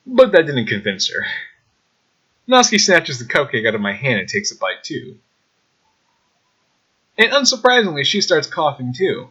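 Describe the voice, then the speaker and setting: A man playing a story game, reading its text aloud and reacting with excited exclamations and frequent laughs. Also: fairly high pitch, moderate pace, pauses often, slightly rough, dull audio. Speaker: gaming YouTuber.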